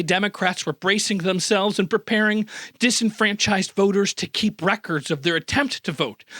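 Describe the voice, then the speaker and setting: A man's voice: high voice, a bit bright, no room sound, studio quality. A man from the Midwest hosting a comedic news roundup, sarcastic and full of mock-outraged asides. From American Midwest. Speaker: news host.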